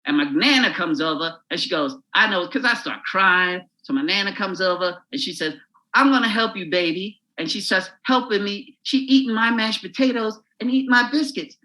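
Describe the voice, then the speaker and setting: A man, a comedian, telling a crude, animated story while chatting as a podcast guest. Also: sits high, normal speed, few pauses, low-quality recording.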